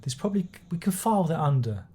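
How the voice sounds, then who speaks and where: A man talks through an album review in a loose, rambling way, full of sarcasm, swearing and false starts. His voice is mellow and a little husky, and he sounds like he is chatting off the cuff rather than reading from a script. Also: on the high side, sing-song, fast. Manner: sardonic, swearing, rambling with restarts. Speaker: music reviewer. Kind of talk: casual spoken album review.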